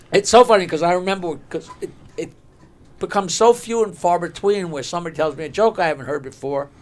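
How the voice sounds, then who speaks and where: Animated older man telling jokes. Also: high-pitched, fairly quick. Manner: animated, laughs at his own punchlines. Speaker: stand-up comedian. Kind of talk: joke telling and storytelling. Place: studio.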